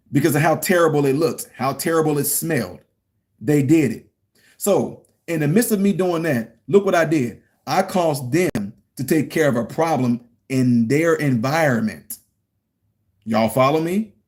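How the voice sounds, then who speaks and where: A middle-aged man giving political commentary to a live chat, animated and preachy, talking straight to his viewers. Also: on the high side.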